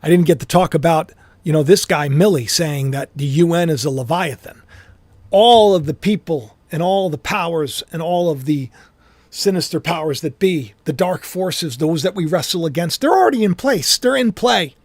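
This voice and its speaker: A man preaching to his online audience with impassioned spiritual commentary, repeating phrases emphatically and swinging from loud outbursts to hushed asides. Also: a little high, lively intonation, moderate pace, no echo.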